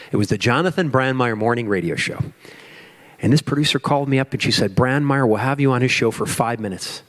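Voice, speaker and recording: A middle-aged man from Chicago giving a keynote talk, telling a lively business story and acting out his own panic and phone calls, now and then asking the audience questions. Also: medium pitch. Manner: animated, acts out his own panic and quotes. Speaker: speaker at a business forum.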